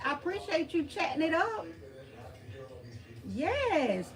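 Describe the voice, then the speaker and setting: A woman's voice: high voice, lively intonation, measured pace, vocal fry, fairly bright tone, soft background music. A woman with a Southeast Texas country accent hosts a live stream, answering the chat in a folksy way and calling viewers honey and girl.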